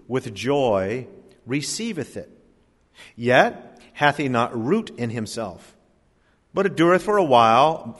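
Man preaching in an echoing hall. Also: mid-range voice. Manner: preaching with dramatic swings between loud emphasis and hushed asides. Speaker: pastor. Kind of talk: sermon. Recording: long reverb of a large hall.

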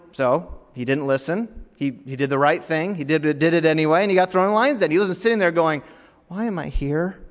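A man preaching a sermon as pastor, his delivery swinging between hushed, quiet stretches and raised, emphatic ones. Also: on the high side, long reverb tail.

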